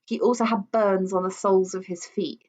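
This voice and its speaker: A woman's voice: mid-range voice, steady tone, a little fast, darkish tone. A woman co-hosting a casual true crime podcast, talking in a chatty way with fillers. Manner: chatty, with frequent fillers and laughs. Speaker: podcast co-host.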